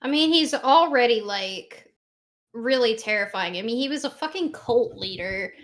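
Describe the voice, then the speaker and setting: A woman's voice: fairly high pitch, expressive, normal speed, a bit bright. A woman streamer chatting casually during a watchalong, giggling often and swearing freely.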